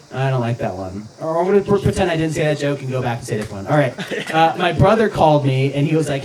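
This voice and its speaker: A man's voice: medium pitch, expressive, a little fast, echoey room. A man doing a stand-up comedy set, crude and self-interrupting, often laughing at his own jokes. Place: outdoor backyard show. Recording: live crowd recording from far off. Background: audience laughing.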